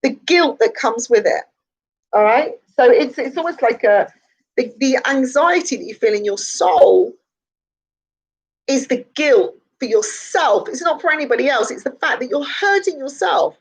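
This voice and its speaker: A woman speaks as a psychic in a casual morning live stream, her voice slightly hoarse. She talks in a chatty, repetitive and encouraging way and laughs often. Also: sits high, expressive, moderate pace, rough recording.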